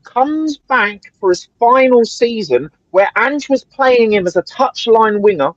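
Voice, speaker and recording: A man with a high voice rants heatedly on a fan livestream, peppering his points with "right?" and swearing. The sound is dull and lo-fi, with a dry, close feel. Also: animated, unhurried, dry recording. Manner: ranting, swears a lot, keeps asking "right?". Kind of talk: casual heated chat.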